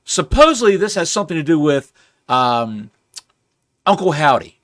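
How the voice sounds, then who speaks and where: Dry-sounding man with lively pitch. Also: moderate pace, dry recording. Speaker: co-host. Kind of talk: casual wrestling podcast chat.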